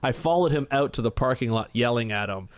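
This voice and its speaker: A man sits in as a podcast guest, spinning a story and acting out each person in it. His voice sits at a middle pitch. It is recorded close and dry, with no room in it. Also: a little fast, no room sound. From Canada. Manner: animated storyteller, acts out quotes. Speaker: guest marine biologist.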